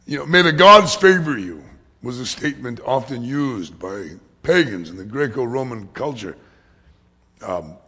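A man preaching a sermon as pastor, swinging from hushed whispers to loud, emphatic lines. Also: mid-range voice, creaky, husky. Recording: long hall reverb.

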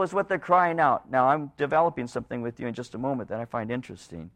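A middle-aged male pastor preaching a sermon in a church, rising into pleading passages and dropping into low, hushed ones. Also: quick pace.

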